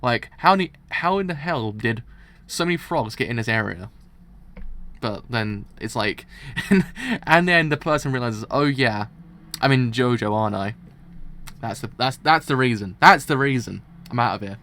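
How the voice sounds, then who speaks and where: A man rambles excitedly through a live reaction to a manga, talking loudly and quickly. His voice is mid-pitched and gravelly.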